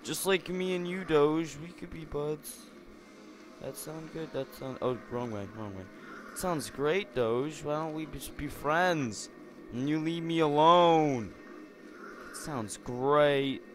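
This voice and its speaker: A young man giving silly, rambling commentary on a game, jumping from mumbles to squealing shouts. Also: on the high side, takes it slowly, noisy background. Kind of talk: goofy gameplay commentary.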